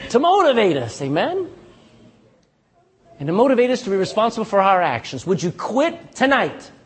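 In a church sanctuary, a pastor with a high voice preaches an emphatic, animated sermon at a moderate pace, with a little hiss or hum on the recording. He teases congregants by name and calls out "Amen?" for their replies.

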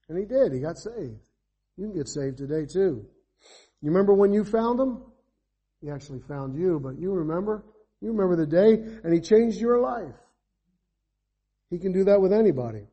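Fervent husky-voiced male preacher. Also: high voice, animated, moderate pace, long pauses. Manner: fervent, rises to emphatic calls then drops to quiet asides; asks the congregation rhetorical questions. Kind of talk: evangelistic sermon.

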